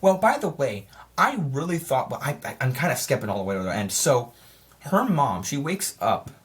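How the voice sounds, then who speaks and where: Rambling, excitable man reviewing a film. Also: mid-range voice, normal speed. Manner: rambling, excitable, self-correcting. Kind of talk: casual spoiler review.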